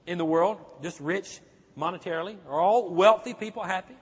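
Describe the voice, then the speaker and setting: High-voiced preacher in a reverberant hall. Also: male voice, animated, moderate pace, slightly rough. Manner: emphatic preaching with rhetorical questions to the congregation. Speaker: pastor. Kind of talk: sermon. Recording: echoey hall, long reverb.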